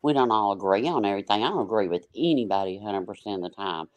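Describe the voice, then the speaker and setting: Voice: low voice, fast talker, dry recording. A panel guest chatting on a livestream, rambling and restarting sentences with lots of fillers. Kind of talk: casual livestream chat.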